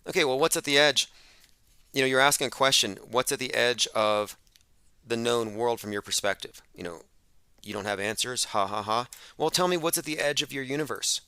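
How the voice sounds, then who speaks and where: A man hosting a call-in radio show, with a bright, forceful voice and a dry, close sound. He talks emphatically and with heavy sarcasm. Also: medium pitch, moderate pace, smooth, no room sound. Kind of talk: open-phones radio monologue.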